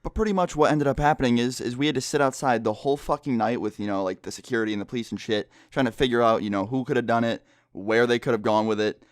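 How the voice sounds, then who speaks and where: Speaking fast with few pauses, this young man vlogs a story in a hushed voice, mindful of people next door. His medium-pitched delivery is casual, full of swearing and fillers, and the audio is dry and studio quality.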